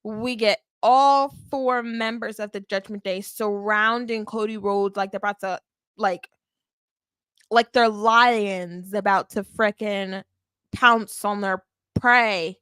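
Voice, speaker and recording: A woman hosting a wrestling podcast, recapping a live show in an animated, emphatic way and often checking in with "okay?". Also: mid-range voice, takes it slowly, clean tone, dry recording. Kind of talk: live watch-along recap.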